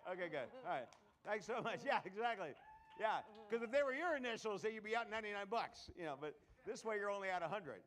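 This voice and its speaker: A high, light-voiced man does comedy magic live in a showroom, explaining every trick to the audience while he performs it. His patter is a steady flow of fast jokes and banter, with lively intonation and a fairly bright tone.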